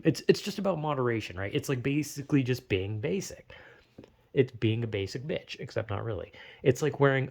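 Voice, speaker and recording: A man's voice: medium pitch, expressive, brisk, a little mellow. A young man talking alone in a loose, rambling way, swearing often and laughing at his own tangents. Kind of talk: casual rambling monologue.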